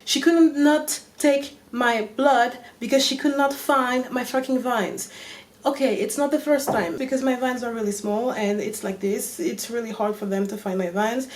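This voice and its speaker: A woman with a French accent, a native French speaker, telling a story on her vlog in an animated way and swearing often. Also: fairly high pitch, moderate pace. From France. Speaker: vlogger.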